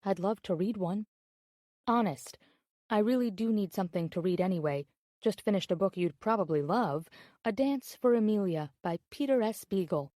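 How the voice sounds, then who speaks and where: Actress as a chatty, flirtatious woman in love by email, soft warm tone, audiobook drama. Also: medium pitch, animated, normal speed, no echo, studio quality, lightly acted.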